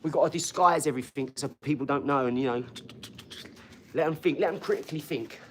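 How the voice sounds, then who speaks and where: A man's voice: fairly high pitch, fairly quick, a bit bright, slight background noise. Rambling man on a livestream. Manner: rambling, swears freely, jumps between topics; talks to viewers' comments directly. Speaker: livestream host. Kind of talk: casual livestream chat.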